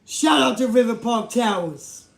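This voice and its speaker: A man hosting a commentary vlog, talking emphatically, repeating himself and building up to shouting. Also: very high voice, lively intonation, a little slow, creaky. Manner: emphatic, repetitive, rising to shouts. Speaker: YouTube host. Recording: echoey room.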